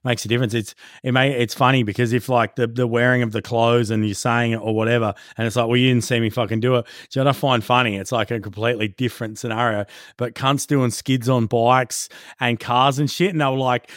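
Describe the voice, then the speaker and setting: A man, a podcast guest chatting casually and telling animated, profanity-filled stories. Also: medium pitch, a little fast, dry recording, clean studio sound. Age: 40s. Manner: swears a lot, animated storyteller acting out quotes. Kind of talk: casual chat.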